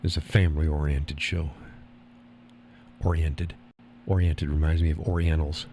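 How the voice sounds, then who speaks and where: A man's voice: extremely low pitch, level tone, measured pace, dark tone, slight background noise. A man hosting a live stream, reading out viewer chat in a rambling, folksy way and chuckling often.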